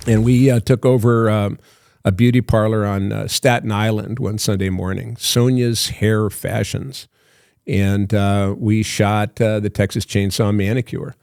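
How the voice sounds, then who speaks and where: An older man, a podcast guest, telling a long rambling story in a halting way with many fillers, acting out old phone calls. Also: fairly low pitch, fairly even intonation, gravelly, darkish tone, clean tone, no echo, studio quality. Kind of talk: casual storytelling.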